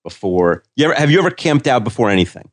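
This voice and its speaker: A man's voice: mid-range voice, very animated, quick pace, no echo. A man co-hosting a podcast, chatting casually about an episode, with a rambling, hesitant style full of fillers and restarts. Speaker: podcast co-host. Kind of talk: casual episode recap chat.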